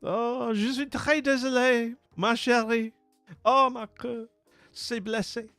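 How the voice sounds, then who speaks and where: A swooning, theatrical Frenchman with a thick mock French accent, as a man puts him on. The voice is pitched high and sounds close and dry. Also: fairly even intonation, takes it slowly, pushed and bright, dry recording, faint music behind, full character voice. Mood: melodramatic. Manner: theatrical, lamenting. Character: heartbroken, melodramatic Frenchman.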